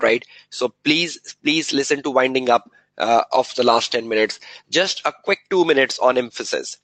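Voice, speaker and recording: A male lecturer runs a revision session, firing quick questions at the class and answering them himself. He repeats key terms over and over to drive them home. His voice sounds dry and close, with little room echo. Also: medium pitch, fairly bright tone. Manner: drills students with repeated rhetorical questions; repeats key words and phrases for emphasis.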